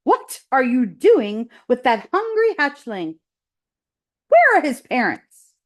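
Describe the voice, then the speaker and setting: A woman's voice: high-pitched, very animated, slow, pitched above the performer's own voice, heavily acted. A woman reading as a bossy old goose. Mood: scolding. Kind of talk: children's read-aloud.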